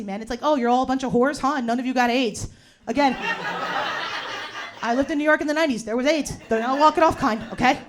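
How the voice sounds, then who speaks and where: A woman in her forties doing a stand-up set in a bar, ranting loudly and profanely with slangy fillers. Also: on the high side, background noise. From New Jersey. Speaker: stand-up comedian. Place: bar in front of a live audience. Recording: live crowd laughing in a bar. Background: audience laughter.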